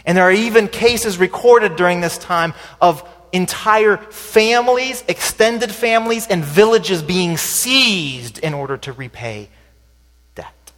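A man's voice: high voice, lively intonation, unhurried, fairly bright tone. A man preaching a sermon in a conversational way, asking the listeners questions and letting his voice rise for emphasis and then drop away at the ends of phrases. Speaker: pastor. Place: church sanctuary. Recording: sermon recording with long hall reverb.

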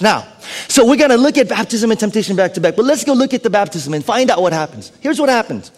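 A male pastor preaching a sermon to his congregation. He swings between loud emphatic lines and hushed, whispered asides. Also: sits high, sing-song, fast. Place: church sanctuary. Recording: long hall reverb.

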